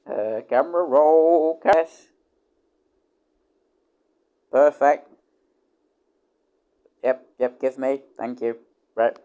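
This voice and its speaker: Extremely slow and smooth, with many pauses, a man rambles through a casual livestream chat. He curses openly, breaks off and restarts sentences with repeated words, and his pitch jumps loudly whenever he gets excited.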